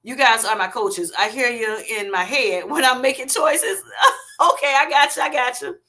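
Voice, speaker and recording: Bright, chatty Southern woman host. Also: on the high side, lively intonation, moderate pace. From Southern United States. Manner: chatty and folksy, laughs often, talks straight to viewers. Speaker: livestream host. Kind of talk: casual livestream chat reading viewer comments.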